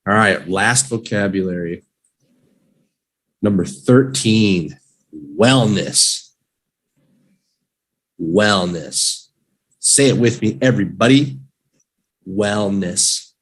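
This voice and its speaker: A man teaching English vocabulary in a live online lesson, drilling each word slowly and cheering learners on playfully. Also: fairly low pitch, animated, a bit bright, poor audio.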